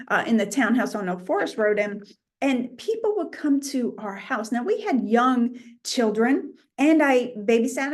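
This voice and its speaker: A middle-aged woman with a New England accent, teaching an informal Bible lesson in an animated way and acting out imagined voices. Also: a little high.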